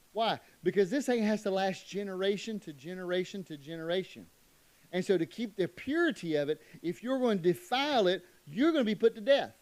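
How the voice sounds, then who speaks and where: A middle-aged man preaching a church sermon, emphatic, moving between loud declarations and quiet asides. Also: high voice, dry recording. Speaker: pastor.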